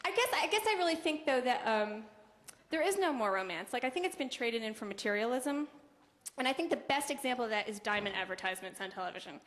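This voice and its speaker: High-voiced woman doing deadpan stand-up. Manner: deadpan, conversational, quick asides to the audience. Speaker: stand-up comedian. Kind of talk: stand-up comedy set. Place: comedy club stage. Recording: roomy club recording with noise. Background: audience laughter.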